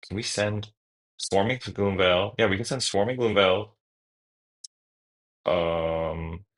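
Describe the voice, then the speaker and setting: A man streaming a card game, talking through each move out loud in a casual, self-correcting way. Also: deep voice, poor audio. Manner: thinks aloud through each move, casual, trailing restarts. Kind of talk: live-stream gameplay commentary.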